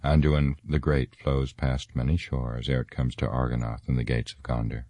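Guy doing a grave old elf lord, sad and lofty, super deep, dry sound. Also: flat delivery, moderate pace, mellow, no room sound. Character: wise, sorrowful ancient elf lord.

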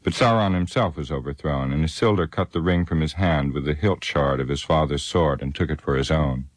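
A man's voice: rumbling low, fairly quick, no room sound. A man voicing a grave ancient elf lord. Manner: grave, solemn.

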